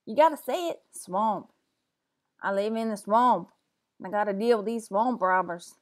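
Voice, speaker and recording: A brash swamp-dwelling local, as a woman puts on a voice, loud and showy with drawn-out, mock-rustic words. The voice sits somewhat higher than her usual talk. It has a playful home-video sound. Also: natural voice.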